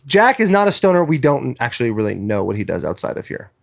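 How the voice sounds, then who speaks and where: A man hosting a casual podcast, teasing and loud in animated group banter. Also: medium pitch, quick pace, vocal fry. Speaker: podcast host.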